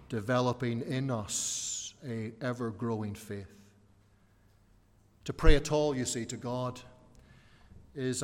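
Guy preaching a sermon, asks lots of questions, long echo like a big church hall. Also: medium pitch. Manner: rhetorical questions, varied emphasis.

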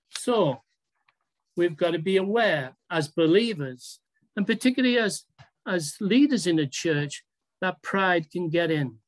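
A preacher delivering a sermon in a deliberate, emphatic way, asking rhetorical questions and drawing out key words. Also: medium pitch.

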